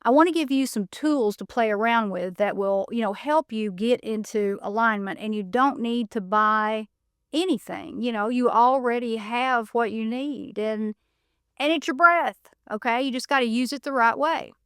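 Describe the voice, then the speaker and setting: A woman hosting a podcast, calmly guiding listeners through breathing exercises with a coaching manner and frequent "you know" and "okay". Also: a little high, moderate pace, clear, resonant tone, no room sound, studio quality. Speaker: podcast host. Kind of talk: guided breathing instruction.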